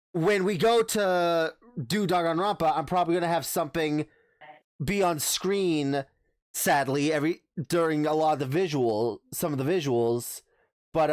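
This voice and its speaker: A man's voice: a little high, no room sound, clean studio sound. A man hosting a casual podcast, chatting in a rambling way with many restarts. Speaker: podcast host.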